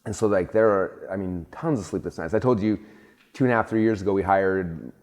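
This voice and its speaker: A man in casual conversation, telling stories with many fillers and restarts, jumping into a high voice to act out his own panic. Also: brisk. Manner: animated storytelling, acts out his own panic in a raised voice. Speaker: host and entrepreneur.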